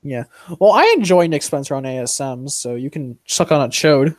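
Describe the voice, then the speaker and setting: A man's voice: medium pitch, expressive, normal speed, no echo, studio quality. A young man hosting a casual stream chat, rambling and swearing, with plenty of fillers along the way. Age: young adult. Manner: profane, rambling, full of fillers. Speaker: stream host.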